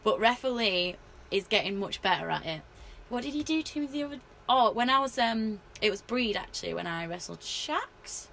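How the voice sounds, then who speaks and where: A woman wrestler telling stories in a casual interview, animated and full of fillers. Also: medium pitch, normal speed, gravelly, few pauses, slight background noise. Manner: animated storyteller, many fillers.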